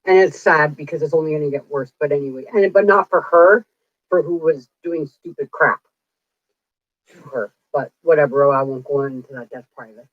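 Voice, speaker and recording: A woman's voice: low voice, normal speed, no echo. A woman in her forties, a psychic streamer, telling stories in a chatty, rambling way and acting out what people said. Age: 40s. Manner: chatty, rambling, acts out quoted dialogue. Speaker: psychic livestreamer. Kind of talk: casual livestream storytelling. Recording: dull lo-fi dry sound.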